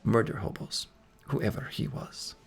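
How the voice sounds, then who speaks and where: A man voicing a gruff male mercenary companion with a dry, low-key delivery. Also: unhurried, soft background music, natural voice. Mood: wry.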